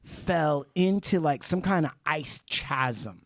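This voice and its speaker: A man telling a story on a casual podcast, swearing freely and shouting parts of it out. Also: fairly high pitch, slow pace, no echo, clean studio sound. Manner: animated, profane storytelling with shouted re-enactments. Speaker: podcast guest, film director.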